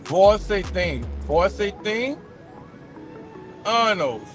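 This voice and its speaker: Male vlogger, 40s, high-pitched, unhurried, slangy self-talk from the driver's seat. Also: animated, soft background music. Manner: thinks aloud, slangy, mutters and sounds words out slowly. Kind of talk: casual chat while practicing languages.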